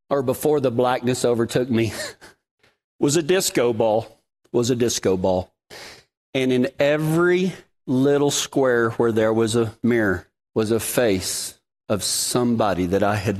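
A man's voice: mid-range voice, measured pace, a little mellow. A man preaching a sermon, telling his own story in a folksy, dramatic way.

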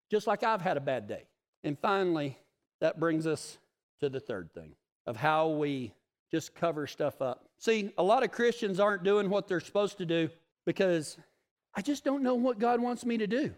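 A man's voice: high voice, big-room sound. A middle-aged man giving a folksy devotional sermon as a cowboy ministry leader, plainspoken and emphatic, repeating his key phrases.

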